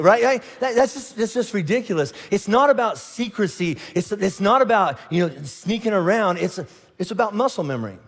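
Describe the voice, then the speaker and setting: A middle-aged man preaching a sermon, telling stories with animated asides and frequent restarts, in a large church auditorium. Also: high-pitched, fairly quick. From Indiana. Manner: animated storytelling with lots of restarts and acted asides. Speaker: pastor. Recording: long hall reverb.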